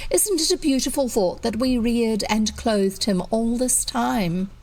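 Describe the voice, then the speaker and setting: A woman's voice: a little high, unhurried, a little mellow, pitched above the performer's own voice. A woman reading aloud, voicing an effusive, sentimental lady.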